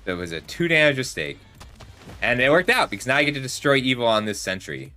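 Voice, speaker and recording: A man's voice: mid-range voice, big pitch swings, fast, pushed and bright, soft background music. A man in his thirties, a streamer casually commenting on his card game and telling rambling stories as he plays. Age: 30s. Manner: rambling, chatty, talks to chat while playing. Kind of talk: casual gameplay commentary with storytelling.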